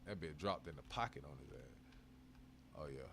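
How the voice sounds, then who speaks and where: A man's voice: very deep voice, expressive, normal speed, creaky, fairly bright tone, a little hiss or hum. A man hosting a live stream, chatting casually with heavy swearing, frequent laughs and bursts of hype. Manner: profane, hyped, laughs often.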